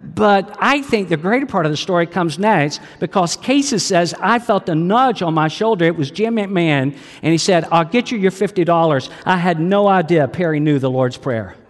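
A man's voice: high-pitched, animated, moderate pace, few pauses, long reverb tail. A male pastor delivering a sermon, telling a story and asking his listeners questions. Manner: storytelling, asks the audience questions.

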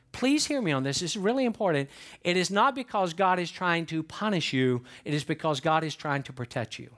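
An older man, a pastor preaching a folksy, animated sermon and asking the congregation questions. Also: a little high.

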